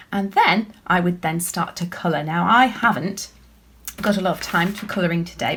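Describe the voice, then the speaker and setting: A woman, an author and illustrator, chatting warmly and encouragingly to children as she draws along with them. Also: medium pitch, breathy edge. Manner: chatty and encouraging, talking while drawing. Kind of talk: draw-along lesson for children.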